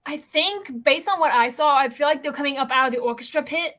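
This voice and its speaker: A woman's voice: high-pitched, fast, bright, forceful tone. A young woman hosting a casual chat, talking in a rambling way with lots of filler words. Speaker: host.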